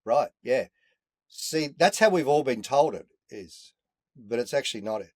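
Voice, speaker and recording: An Australian man, a podcast guest, telling a story in an animated, earthy way with a few mild swear words, speaking from inside a caravan. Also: mid-range voice, normal speed, dry recording. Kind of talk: casual storytelling chat.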